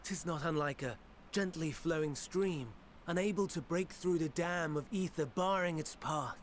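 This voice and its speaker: An actor playing a scholarly male sage in a fantasy game, explaining in formal, archaic, measured speech. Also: a little high, a little hiss or hum, natural voice. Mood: calm lecturing. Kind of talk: game cutscene voice acting.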